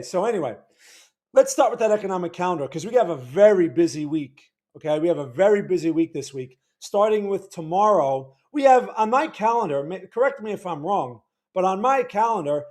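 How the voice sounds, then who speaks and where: High-voiced man rambling on a livestream. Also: expressive, a little fast. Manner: rambling, stammering, repeats words, greets chat viewers loudly. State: weak, worn voice. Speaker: livestream host. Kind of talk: casual livestream chat with viewers.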